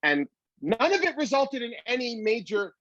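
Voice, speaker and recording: A man's voice: very high voice, big pitch swings, normal speed, a bit bright, no echo, highs cut off. A male comedian telling stories in an interview, upbeat and philosophical, rambling with fillers and restarts. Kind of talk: reflective storytelling in an interview.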